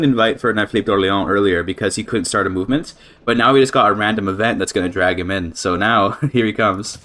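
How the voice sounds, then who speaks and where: A young man from Canada giving rambling, excitable commentary on a strategy game he is playing. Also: lowish voice, fast talker, hardly any pauses. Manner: rambling, excitable, swears and laughs often. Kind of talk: casual gameplay commentary.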